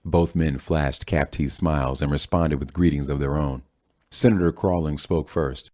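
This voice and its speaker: Male audiobook narrator, steady storyteller, very low and dry. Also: moderate pace, dry recording. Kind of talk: scripted narration.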